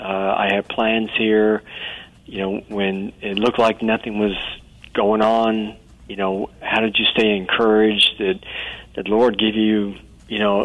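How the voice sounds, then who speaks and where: Earnest low-voiced man calling in. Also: a bit bright, lo-fi sound. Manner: halting, repeats words, earnest. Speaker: caller. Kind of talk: call-in radio question.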